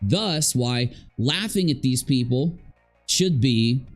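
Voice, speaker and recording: A man's voice: medium pitch, animated, slow. Man ranting emphatically over faint music. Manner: emphatic, rambling, repeats phrases; talking while eating and drinking. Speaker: commentary channel host. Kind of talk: ranting commentary.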